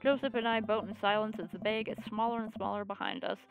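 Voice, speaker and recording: A woman's voice: medium pitch, fast talker, gravelly, phone-quality sound, soft background music. A woman streamer reading a video game aloud and playing it, with playful joking asides.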